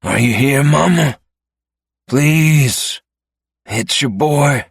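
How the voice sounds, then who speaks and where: A man's voice: fairly high pitch, very slow, creaky, slightly rough, dry recording, studio quality, voice pushed up, full character voice. A man voicing a feverish, dying male biker who calls for his mother, his voice ragged and choked with crying. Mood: delirious, pleading.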